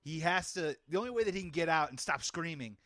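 A man's voice: a little high, lively intonation, fast, a bit bright, dry recording, clean studio sound. A man hosting a casual movie podcast, upbeat and often laughing, stretching words out for emphasis. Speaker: podcast host.

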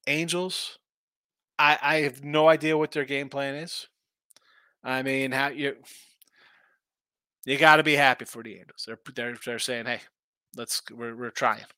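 A man's voice: mid-range voice, steady tone, unhurried, long pauses, sharp tone, clean tone, no echo. A man hosting a sports betting show, talking casually and rambling through opinionated takes full of rhetorical questions.

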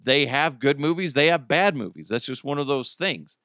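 A man's voice: mid-range voice, animated, moderate pace, pushed and bright, no room sound, studio quality. A man hosting a radio show, chatting casually with rambling jokes and self-corrections. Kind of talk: casual on-air chat.

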